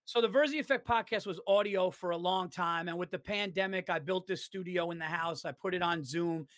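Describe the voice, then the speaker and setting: A stand-up comedian from New York chats on a podcast in a fairly high voice, telling stories with energy at a fairly quick pace. He swears freely and acts out the lines of the people in his stories. The sound is dry and close, with no room around it.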